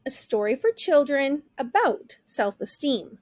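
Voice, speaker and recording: Slow, high-voiced woman reading a storybook aloud. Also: dry recording. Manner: slow, clear, expressive storytelling. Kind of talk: children's read-aloud narration.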